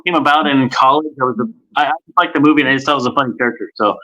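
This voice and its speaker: A man guest in a casual interview, talking in a lively, chatty way. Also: mid-range voice, rapid-fire, lo-fi sound. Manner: lively, chatty, many fillers. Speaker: guest, impressionist.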